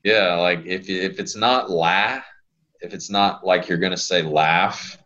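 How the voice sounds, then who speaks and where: A man, a physical therapist guest on a podcast, chatting casually and telling rambling, animated stories. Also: low voice, moderate pace, highs cut off.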